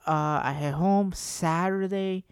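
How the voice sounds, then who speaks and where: A man telling a casual story to his audience, rambling and animated, often repeating and restarting himself. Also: high-pitched, takes it slowly, clean tone, no room sound, studio quality. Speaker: vlogger.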